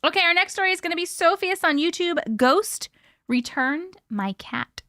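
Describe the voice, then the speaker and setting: A sleepy, yawning woman in her early thirties from Colorado hosts a casual livestream, chatting and giggling as she reads viewer comments aloud. Her voice is extremely high, animated and sharp at a normal pace, recorded in studio quality with no echo.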